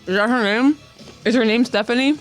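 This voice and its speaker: High-voiced man rambling on a podcast. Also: fairly quick, soft background music. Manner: rambling, filler-heavy, animated when retelling. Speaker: podcast co-host. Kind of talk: casual chat.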